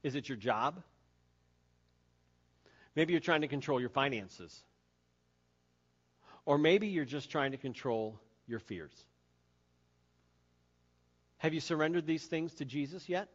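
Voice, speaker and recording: Male pastor, high voice, earnest sermon delivery, dull lo-fi recording. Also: expressive, slow, long pauses. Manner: earnest, repeating key phrases, drops soft and low for emphasis.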